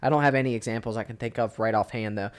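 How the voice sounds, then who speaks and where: A man's voice: lowish voice, fairly even intonation, racing, clean tone. A young man co-hosting a podcast in casual chat, blunt, rambling and full of swearing. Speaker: podcast co-host.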